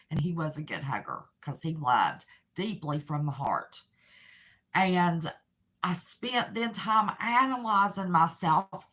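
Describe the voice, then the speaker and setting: A woman's voice: fairly low pitch, pushed and bright. An older woman speaking as a channel host, giving an earnest, heartfelt personal testimony. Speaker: channel host sharing her faith and grief.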